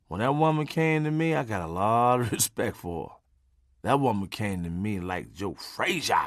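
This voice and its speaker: A man telling a comic story from his own life, animated and profane, swinging from loud bursts to low asides. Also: no room sound, studio quality.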